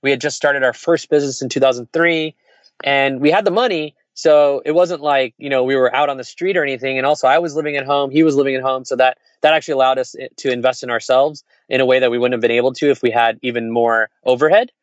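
An entrepreneur shares a personal anecdote in relaxed, rambling, open conversation, talking fast in a mid-range male voice. The audio is dry, with no echo, yet muffled and lo-fi.

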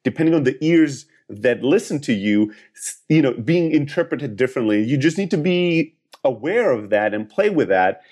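A man's voice: medium pitch, expressive, moderate pace, a little mellow. A man explaining sales advice to startup founders in a podcast interview, talking in long, earnest, winding answers.

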